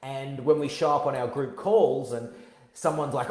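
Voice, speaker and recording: A man in his thirties hosting his own book launch on a live stream, talking in an energetic, heartfelt way with many fillers and restarts. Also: medium pitch, moderate pace. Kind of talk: live-streamed casual talk. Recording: roomy echo.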